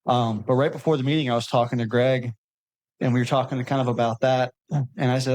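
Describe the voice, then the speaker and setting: A man's voice: medium pitch, level tone, a little fast, darkish tone, dry recording, low-quality recording. A man co-hosting a casual podcast in a studio, talking in a rambling, reflective way with lots of fillers like "you know" and "like". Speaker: podcast co-host. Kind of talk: casual chat.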